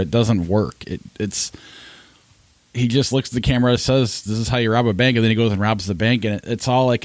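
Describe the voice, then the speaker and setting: A man's voice: lowish voice, darkish tone, no echo. A man hosting a movie podcast, bluntly criticizing a film with stumbling restarts. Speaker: podcast host. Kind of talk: casual podcast movie review.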